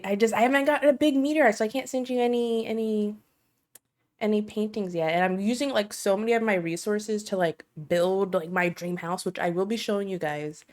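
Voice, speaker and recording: An American woman chatting casually on a live stream, bubbly and self-deprecating, laughing often. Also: fairly high pitch. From United States.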